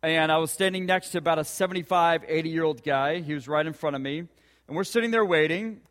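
Guy preaching a sermon, pretty high voice, earnest questions, lots of hall echo. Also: brisk, fairly bright tone. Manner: earnest storytelling with rhetorical questions. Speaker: pastor.

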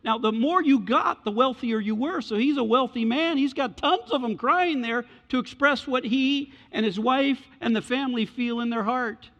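A male pastor preaching a sermon in an animated, colloquial way, repeating his key phrases. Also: extremely high pitch, moderate pace, few pauses. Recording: reverberant hall, dull lo-fi.

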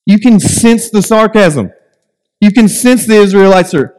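Animated male preacher in echoing hall. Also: sits high, a little slow. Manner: animated, joking asides, mock voices of complainers. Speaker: pastor. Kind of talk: sermon. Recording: long hall reverb.

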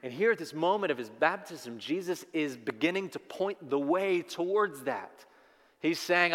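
A man preaches to his congregation in a sermon, his voice sitting a touch high for a man. He builds to loud, drawn-out declarations and prompts the room to answer him. The sound carries the long reverb of a large hall. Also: animated. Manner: swells loud and slow at climaxes, call-and-response with the congregation. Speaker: pastor.

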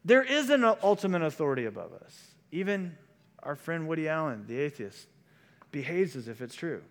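A man's voice: fairly high pitch, big pitch swings, normal speed. A man preaching a sermon as pastor, in a conversational style that moves into quoted voices. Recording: long hall reverb.

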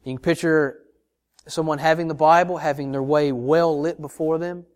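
Pastor, male, fairly high voice, earnest sermon full of questions to the pews. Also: fairly even intonation, moderate pace. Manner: earnest preaching with repeated rhetorical questions to the congregation; addresses listeners as brothers and sisters.

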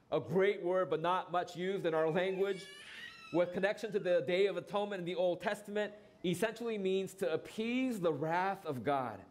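Man preaching an earnest sermon. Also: a little mellow. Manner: earnest preaching with rhetorical questions, drops low on scripture quotes. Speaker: pastor.

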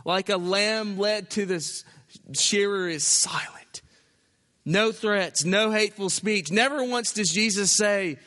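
A man preaching a sermon in short, emphatic phrases, at times dropping to a hushed voice. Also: high-pitched, takes it slowly. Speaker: pastor. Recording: long hall reverb.

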